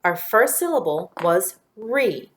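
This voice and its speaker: A woman teacher talks young children through a phonics lesson at a very slow, deliberate pace. She draws out each word, gives short clear directions and follows them with encouraging praise. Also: mid-range voice, sing-song, a bit bright. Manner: slow, clear, drawn-out words.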